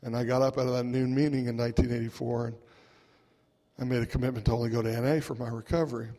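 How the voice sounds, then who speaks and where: A man's voice: mid-range voice, a little mellow. Wry storytelling man in an echoing hall. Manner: wry, chuckling, conversational with lots of "right?" asides. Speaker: recovery meeting speaker. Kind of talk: humorous personal storytelling talk. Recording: long echoing hall reverb.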